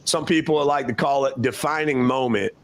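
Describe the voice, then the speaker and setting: A man's voice: medium pitch, moderate pace. A man hosting an interview, effusive with praise, who circles around and rephrases his questions. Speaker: host.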